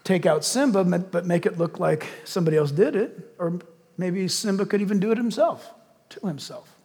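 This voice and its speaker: A male pastor preaching a sermon and leading a closing prayer, animated, hushing his voice to act out a villain's lines. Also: high voice, moderate pace, big-room sound.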